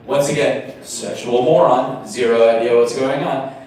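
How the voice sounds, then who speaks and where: A young man telling a self-mocking stand-up story at an open mic, jumping into high put-on voices for the people in it. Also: normal speed. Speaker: stand-up comedian. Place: small comedy venue. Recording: echoey room mic from a distance.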